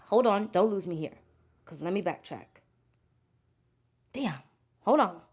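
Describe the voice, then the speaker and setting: A woman reading tarot for her viewers in a loose, conversational pep talk. Her voice sits at an ordinary pitch. She talks bluntly, swears freely and says her key lines twice for emphasis. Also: lively intonation, unhurried, a little mellow, husky. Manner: blunt, emphatic, heavy cursing, repeats herself. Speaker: tarot reader. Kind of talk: casual spiritual pep talk to camera.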